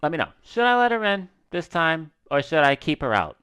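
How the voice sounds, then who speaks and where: Man, gaming streamer, casual commentary, slangy, smooth voice, lively pitch. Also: a little fast. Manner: animated, slangy, swearing, talks to viewers.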